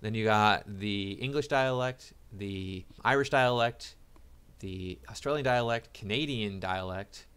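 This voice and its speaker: A man's voice: fairly low pitch, measured pace, fairly bright tone, clean tone. A man giving casual reaction commentary, sarcastic and mocking, often stumbling and repeating words. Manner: sarcastic and mocking, with many restarts and stammered repeats. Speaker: online commentator.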